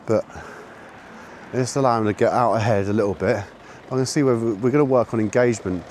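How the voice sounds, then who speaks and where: A man vlogging a dog walk, chatting casually and snapping out high, sharp commands to his puppy. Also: brisk, slight background noise. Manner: sharp high-pitched commands to a dog between relaxed chat. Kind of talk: casual narration while walking a dog. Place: outdoors on a woodland and road walk.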